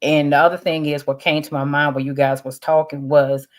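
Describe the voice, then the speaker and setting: A speaker on a church discussion panel, earnest and measured, with frequent filler words. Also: medium pitch, level tone.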